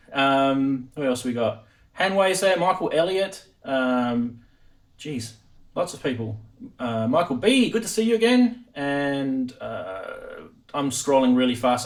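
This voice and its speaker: Lively chatty host. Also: male voice, medium pitch. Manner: animated, laughs often, chatty. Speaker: live stream host. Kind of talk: casual live-stream chat.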